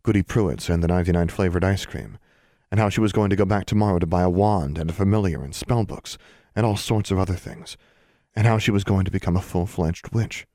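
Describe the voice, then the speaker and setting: A man narrating an audiobook in a measured storytelling manner. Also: low voice, mellow, no echo, clean studio sound. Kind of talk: scripted narration.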